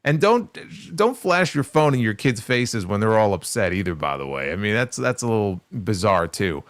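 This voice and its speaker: A New York man co-hosting a wrestling talk show in casual banter. His pitch swings widely as he mocks and fires off quick asides. The sound is close and dry, with no room around it. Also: dry recording. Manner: animated, quick asides, mocking. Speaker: podcast co-host.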